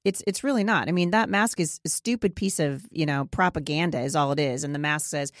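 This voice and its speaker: A woman's voice: sits low, brisk, few pauses, dry recording, clean studio sound. A woman interviewing a guest, asking probing questions and making emphatic, opinionated points. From Pacific Northwest, USA. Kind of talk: conversational interview.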